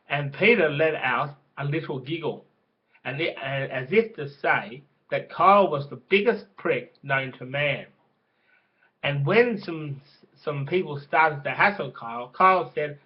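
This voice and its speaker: A man with a fairly high voice spins a crude, rambling story at a slow, unhurried pace. He stumbles over and restarts his words, and the recording sounds dull and lo-fi. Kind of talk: casual spoken storytelling.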